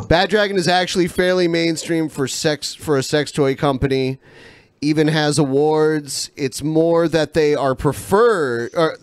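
A man hosts a live talk stream and reads out viewer donations, pausing with ums between messages. His voice comes through smooth and clear. The sound is close and dry, with no room echo. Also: on the high side. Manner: reads messages aloud with fillers and pauses. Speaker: podcast host reading viewer donations. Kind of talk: casual live-stream chat. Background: panel of co-hosts.

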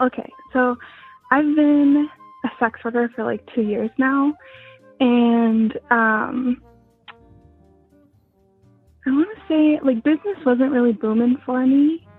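A young woman with a soft, breathy voice, chatting casually as a guest and rambling with many fillers. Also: high voice, steady tone, slow pace, pauses often, soft background music. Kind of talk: casual interview chat. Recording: tinny phone-like sound.

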